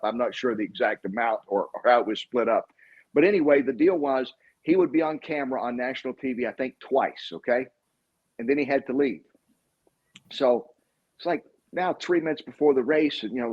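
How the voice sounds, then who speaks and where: A sportscaster being interviewed, telling rambling anecdotes full of fillers. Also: male voice, medium pitch, husky. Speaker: sportscaster guest. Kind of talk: casual interview storytelling. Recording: dull lo-fi recording.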